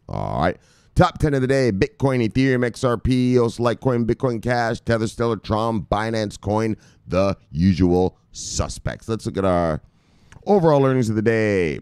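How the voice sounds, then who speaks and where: A man hosting a crypto news show in a loose, profane ramble, cracking jokes and calling his viewers brothers. His voice sits low but swings widely in pitch, heard close and dry. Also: very animated, moderate pace, darkish tone, clear, resonant tone, no echo. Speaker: crypto news video host. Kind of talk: casual profane commentary.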